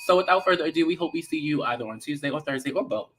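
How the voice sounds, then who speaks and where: A man with a Baltimore accent co-hosting a casual chat show, sassy and animated with playful slang. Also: a little high, racing, a little hiss or hum. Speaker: co-host.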